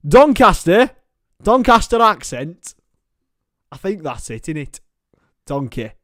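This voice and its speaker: A man's voice: on the high side, dry recording, studio quality. A young man hosting a casual football watchalong stream, joking and chatting to viewers as lads. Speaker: livestream host.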